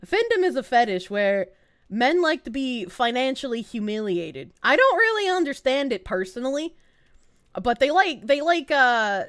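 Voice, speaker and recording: A woman's voice: high voice, sing-song, a little slow, fairly bright tone, dry recording, studio quality. A woman streamer chatting casually and rambling on a live stream, laughing often between lines.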